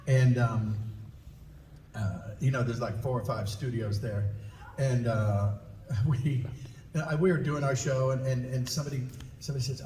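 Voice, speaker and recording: A man's voice: mid-range voice, mellow. A voice actor on a convention panel, chatty and self-deprecating and laughing often as he tells stories. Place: large convention hall. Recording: echoey hall from far off, faint noise.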